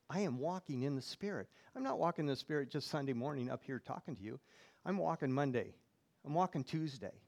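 A man's voice: mid-range voice, a little mellow. A male pastor preaching a sermon in church, reading scripture aloud and putting questions to the congregation.

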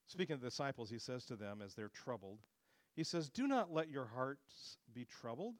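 A man's voice: mid-range voice, expressive, normal speed, no echo. A man preaching a sermon with earnest, expository delivery, lifting his voice when he quotes scripture.

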